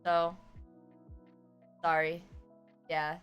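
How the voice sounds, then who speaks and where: Woman streamer, casual chat, swoops through her pitch, laughs a lot and bursts into shouts. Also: expressive, normal speed, faint music behind.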